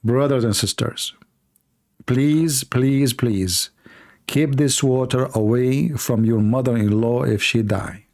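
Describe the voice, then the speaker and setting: A man's voice: mid-range voice, slow, vocal fry, darkish tone. A man hosting his own online show in a sarcastic, mocking monologue, speaking English with non-native grammar.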